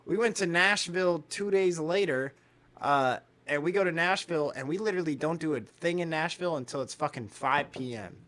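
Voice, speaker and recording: Podcast co-host, man, bright tone, loose casual storyteller who swears and plays out the quotes. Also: a little high, a little fast. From United States. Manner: animated storyteller, acts out quotes, swears freely. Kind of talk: casual chat.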